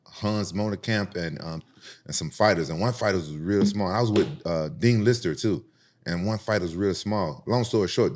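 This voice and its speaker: A man, from Memphis, tells a story in a casual podcast chat. His voice sits very low and he talks quickly. He is animated and profane and acts out the other voices in his stories. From Memphis, United States. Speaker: podcast host telling stories.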